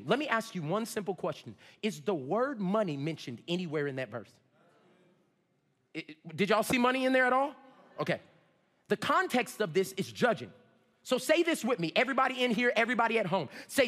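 A male pastor preaching a sermon, swinging between shouts and low asides. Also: sing-song, brisk, in a large hall. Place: church sanctuary.

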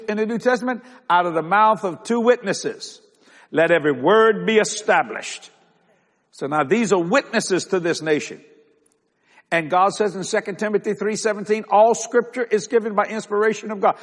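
An older man with a high voice preaches from the pulpit and climbs into loud, drawn-out emphasis on key words. He calls out to the congregation for answers, and his voice rings with the long reverb of a big hall. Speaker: pastor. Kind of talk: sermon.

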